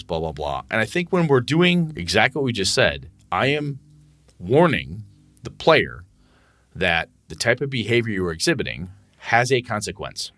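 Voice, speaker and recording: A man's voice: on the low side, dry recording. A man co-hosting a casual tabletop gaming podcast, swearing freely and acting out what he says to his players. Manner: animated, profane, acts out what he says to players. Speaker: podcast co-host and game master.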